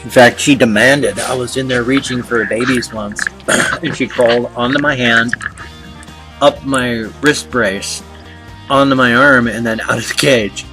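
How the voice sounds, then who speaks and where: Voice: medium pitch, fairly even intonation, unhurried, sharp tone. A pet vlogger in their fifties, chatting casually and cooing playfully while narrating footage. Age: 50s. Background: background music.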